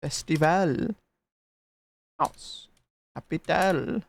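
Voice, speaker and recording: A streamer playing a game live, calling out slow one-word guesses with long pauses between them. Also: medium pitch, gravelly, no room sound. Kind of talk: live-stream gameplay, calling out single words.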